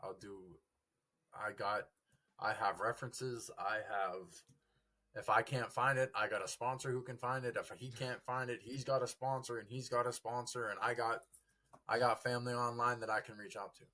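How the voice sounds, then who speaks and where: A young man, a podcast guest, telling his recovery story in an earnest, halting way. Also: mid-range voice, steady tone, pushed and bright. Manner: earnest, halting, quotes family dialogue.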